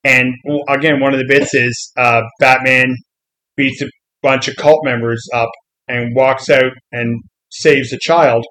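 A man's voice: mid-range voice, a little slow, poor audio. A man in a casual comics chat who retells scenes with lots of energy and acts out the quotes. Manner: animated storyteller, acts out quotes.

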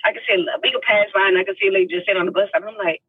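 Husky-voiced young woman telling her story. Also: very fast, dry recording, distant mic, phone-quality sound. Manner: animated, emotional, acts out quotes with big pitch jumps; heartfelt, faith-filled tone. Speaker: actress guest. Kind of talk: podcast interview storytelling.

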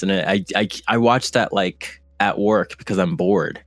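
A man's voice: deep voice, steady tone, moderate pace, hardly any pauses, no room sound. A man speaking as a podcast guest, casual and hesitant, with many fillers and restarts. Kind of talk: casual conversation.

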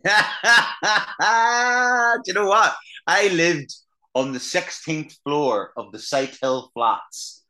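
An Irish actor chatting as a podcast guest, telling anecdotes in a loose, swearing conversational way. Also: male voice, fairly high pitch, lively intonation, slow pace, sharp tone. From Ireland. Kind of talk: casual podcast chat.

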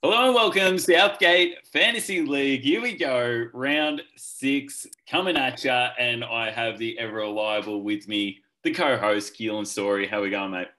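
A man's voice: medium pitch, measured pace, few pauses, bright, forceful tone. An Australian man hosting a podcast, upbeat and chatty, bantering and laughing easily with his co-hosts. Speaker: podcast host.

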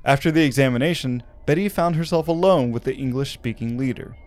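A man's voice: medium pitch, brisk, a little mellow. A man from Arkansas who hosts a podcast, telling a story with wry asides and laughing at his own jokes. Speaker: podcast host.

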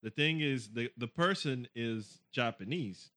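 Bright-voiced man telling a story. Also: medium pitch, a little slow. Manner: animated, acts out quoted voices, many fillers. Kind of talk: casual storytelling chat.

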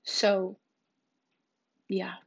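A woman's voice: mid-range voice, monotone, drawn-out words, vocal fry, husky. A young woman hosting a podcast, telling dating stories in a candid, blunt way and swearing freely. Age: young adult. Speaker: podcast host. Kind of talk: casual storytelling podcast. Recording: dull lo-fi recording.

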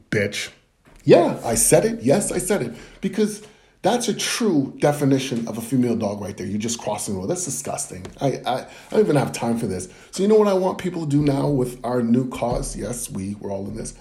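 A man's voice: medium pitch, very animated, a little fast, warm tone. A man performing a rambling comedic monologue to the camera, swinging between flustered apologies and mock-earnest preaching.

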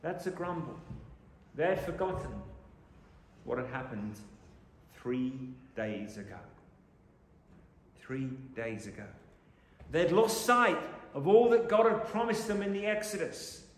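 A male preacher delivers a sermon in a slightly higher voice, lurching between loud, emphatic lines and near-whispered asides. His voice rings through a large hall with a long echo. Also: big pitch swings, slow, long pauses, slight background noise. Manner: dramatic, swings from loud to hushed, acts out grumbling voices. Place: church. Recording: echoey church hall.

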